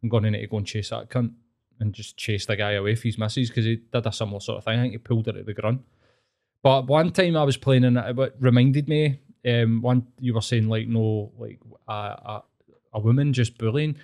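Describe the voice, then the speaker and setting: A man's voice: medium pitch, steady tone, darkish tone. Scottish host, young man, blunt sweary banter. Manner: blunt, sweary, quick talker. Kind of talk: casual chat.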